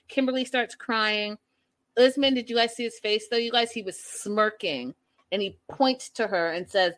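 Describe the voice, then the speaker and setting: A chatty woman recaps a reality show for her live chat. Her voice sits a little high, and she talks with animated, gossipy energy. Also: normal speed. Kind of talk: casual live-stream recap.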